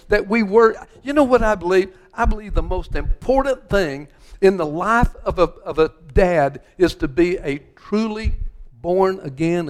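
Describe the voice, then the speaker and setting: An older man preaching from the pulpit, his voice sitting a little high for a man. He rambles through homespun stories, stumbling and restarting, repeating words as he goes. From West Texas. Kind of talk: sermon.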